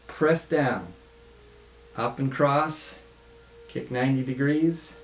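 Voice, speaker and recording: Tai chi teacher guy, talks real slow and easy, echoey studio. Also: mid-range voice, faint music behind. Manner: calm, relaxed, calls out steps slowly. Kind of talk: follow-along movement instruction. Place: home studio.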